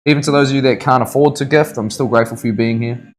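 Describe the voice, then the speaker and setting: On a low-quality live stream, a New Zealand tattoo artist chats casually in a mid-range, steady voice, talking fast. He's laid-back, rambling through stories and swearing plenty.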